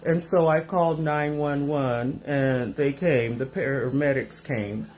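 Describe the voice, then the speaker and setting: A woman host telling a rambling personal story to her viewers in a casual, animated way, recorded in her home kitchen. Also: rumbling low, a little slow, slight background noise. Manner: animated, rambling, acts out voices in her stories.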